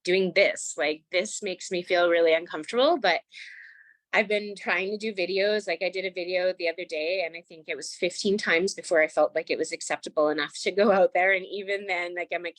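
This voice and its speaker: A woman's voice: on the low side, a little fast, dry recording, poor audio. A woman in her forties telling her personal story as a guest on a video call, earnest and chatty, with many "like"s. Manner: earnest, chatty, says "like" often. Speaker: tapping practitioner and guest.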